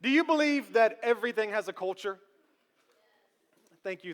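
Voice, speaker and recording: A man in his thirties preaching a sermon as pastor, animated and joking with the congregation. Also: high voice, normal speed, pauses often. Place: church sanctuary. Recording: long church hall reverb.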